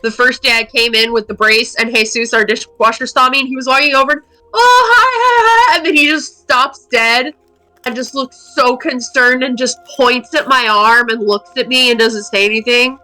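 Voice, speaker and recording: A young woman, a player in a tabletop group, tells a story with animation and laughs as she talks. Her voice is bright and a bit high, with faint music playing behind her. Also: fairly even intonation, normal speed, poor audio. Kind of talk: casual chat.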